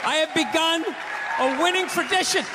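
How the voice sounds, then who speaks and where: High-pitched ranting comic in a hall. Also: male voice, normal speed, heavy background noise. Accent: Boston. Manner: ranting, profane, bursts into shouts. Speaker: stand-up comedian. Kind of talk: stand-up routine. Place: large theater stage with audience. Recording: live hall with crowd laughter.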